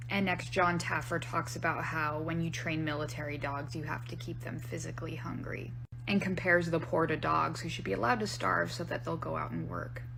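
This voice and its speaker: A woman delivering measured, wry scripted commentary breaking down a news clip. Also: on the low side, gravelly, noisy background. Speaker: video commentator.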